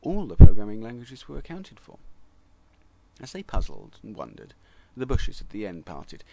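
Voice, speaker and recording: A man narrating a comic story with wry, deadpan asides. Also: on the low side, normal speed, creaky, very noisy.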